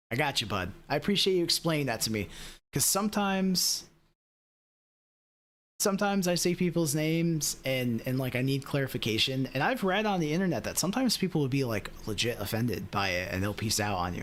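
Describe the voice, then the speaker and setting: A man's voice: medium pitch, animated, a little fast, a bit bright. A man streaming sim racing, chatting casually and rambling to his viewers with lots of fillers. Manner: rambling, talks straight to chat with lots of fillers. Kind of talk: casual live-stream chat.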